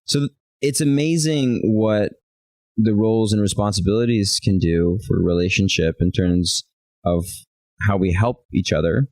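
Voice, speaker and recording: A man's voice: lowish voice, normal speed, a little mellow, dry recording, poor audio. A man co-hosting a relationship talk show, telling stories animatedly and acting out bits of quoted dialogue. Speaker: podcast co-host. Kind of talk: casual chat.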